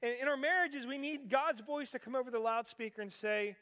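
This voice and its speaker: A man's voice: very high voice, a little fast, few pauses, sharp tone. A man in his forties from western Pennsylvania, preaching a sermon in a conversational way and asking the audience rhetorical questions. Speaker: pastor. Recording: long reverb of a large hall.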